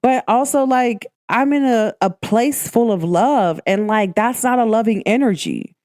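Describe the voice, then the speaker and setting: A woman's voice: fairly high pitch, lively intonation, unhurried, darkish tone, dry recording, studio quality. A woman hosting a podcast, giving emphatic, preachy spiritual advice in a casual talk. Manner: emphatic and preachy, calls listeners "baby". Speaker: podcast host.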